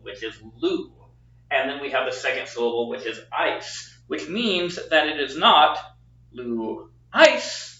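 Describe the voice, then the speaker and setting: A man teaching a recorded lesson at a whiteboard, explaining patiently and repeating words slowly with the stress marked. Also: medium pitch, bright, forceful tone. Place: classroom with a whiteboard. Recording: echoey room, dull lo-fi sound.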